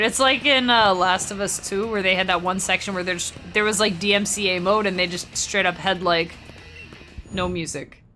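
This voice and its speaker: A woman's voice: mid-range voice, sharp tone. A young woman streaming a game live, chatting casually with her viewers and laughing easily. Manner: chatty, talks to chat, quick laughs. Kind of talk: casual live-stream chat while gaming.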